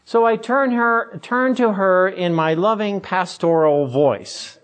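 A male pastor preaches in an easygoing, storytelling way, weaving in self-deprecating humor. His voice sits somewhat high for a man and he talks to the congregation as if chatting. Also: slow, few pauses. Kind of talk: sermon.

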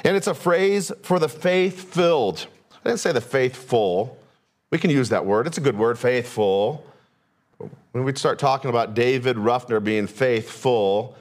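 Man preaching a lively sermon. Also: measured pace. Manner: preaches with rhetorical questions, pace and pitch swinging. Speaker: pastor.

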